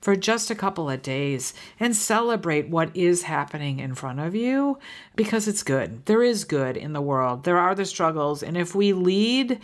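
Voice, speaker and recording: A woman in her fifties hosts a podcast, speaking with heartfelt earnestness in a slightly low voice. She is animated and moderately paced, frequently restarting sentences as she thinks aloud.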